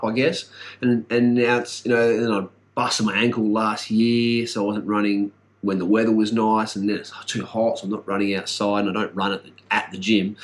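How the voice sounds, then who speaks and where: A middle-aged Australian man talks in a rambling, casual vlog update. His voice sits fairly low, and he is blunt and sweary, with lots of fillers. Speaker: vlogger.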